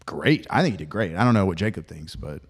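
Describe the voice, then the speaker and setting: Brief: young male co-host, animated ups and downs, jokey banter. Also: low-pitched, husky. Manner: joking, lively, quick to laugh. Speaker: podcast co-host. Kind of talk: casual podcast chat.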